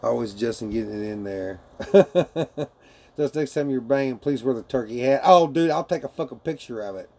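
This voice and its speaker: A man's voice: medium pitch, moderate pace, a little mellow. A man talking casually and crudely on a live stream from his bedroom, laughing often and calling people man and dude as he answers viewer chat.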